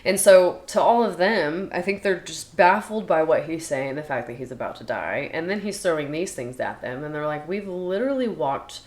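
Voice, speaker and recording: Low-pitched woman, casual bible study chat, chatty retelling of scripture, podcast co-host. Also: expressive, normal speed, hardly any pauses, darkish tone. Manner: chatty, retells scripture in her own words.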